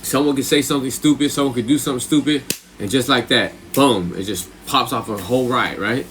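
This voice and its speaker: A man's voice: medium pitch, fairly quick, a bit bright, slight background noise. A man streaming live, rambling and swearing as he tells a story in casual chat. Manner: profane, rambling, with frequent "right?" and "you know what I'm saying". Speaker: livestreamer.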